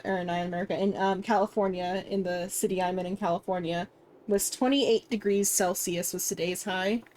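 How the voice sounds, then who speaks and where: A woman's voice: medium pitch, darkish tone, slight background noise. A woman live-streaming a game, chatting casually with her viewers and rambling with lots of filler words.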